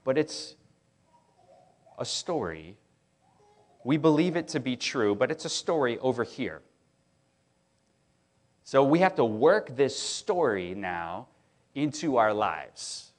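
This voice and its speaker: A middle-aged man preaching a sermon, talking in a casual, animated way and often restarting his sentences as he tells stories. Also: mid-range voice, takes it slowly, pauses often. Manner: conversational, animated storytelling with many restarts. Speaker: pastor.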